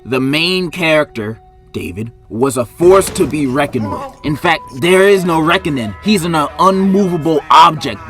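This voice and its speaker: Guy roasting a kids book, aave, high voice jumping all over, bright, music under it. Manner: loud, exaggerated outbursts and mock outrage. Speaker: comedic book reviewer. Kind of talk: comedic commentary.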